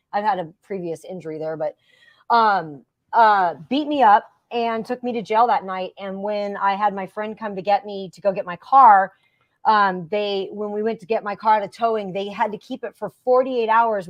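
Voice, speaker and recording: A woman's voice: medium pitch, no room sound, lo-fi sound. A woman co-hosting a live author interview, telling personal stories in a candid, conversational way. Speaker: co-host.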